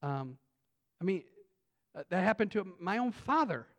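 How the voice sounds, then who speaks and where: A pastor preaching an earnest sermon that builds to emphatic points. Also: male voice, sits high, big pitch swings, normal speed. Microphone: phone on pulpit.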